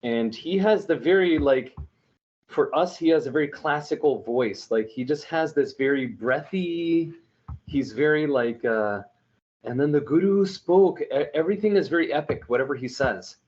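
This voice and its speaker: A man's voice: on the high side, moderate pace, highs cut off, slight background noise. Earnest man from New Mexico telling winding anecdotes. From New Mexico, United States. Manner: earnest and animated, with winding anecdotes and frequent restarts. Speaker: storyteller for an online religious media group. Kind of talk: casual conversational storytelling.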